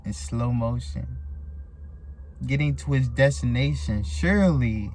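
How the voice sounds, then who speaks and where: A man's voice: medium pitch, unhurried, a little mellow, slight background noise. A man hosting his own channel, giving a casual motivational talk to camera and acting out a tired runner. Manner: slangy, repetitive, acts out a tired runner. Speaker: channel host.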